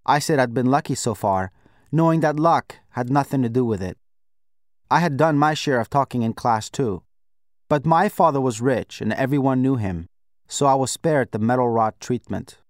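A man narrating a novel in the first person, in a measured, reflective way. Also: mid-range voice, dry recording, studio quality. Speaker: audiobook narrator. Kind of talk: scripted narration.

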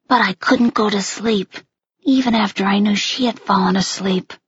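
A woman reading a first-person story aloud in a slow, quiet and intimate way. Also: medium pitch, husky, no room sound, dull audio. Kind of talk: scripted audiobook narration.

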